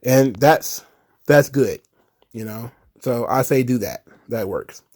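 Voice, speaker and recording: A man's voice: medium pitch, slow pace, darkish tone. A man casually recapping wrestling shows, chatty and chuckling, with frequent fillers. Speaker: wrestling commentary host.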